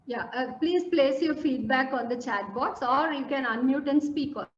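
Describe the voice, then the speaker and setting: High-voiced earnest woman counselor. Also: moderate pace. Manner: earnest, repetitive, coaxing, many fillers. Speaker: counselor giving a talk. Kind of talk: motivational talk on an online call. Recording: echoey room, dull lo-fi audio.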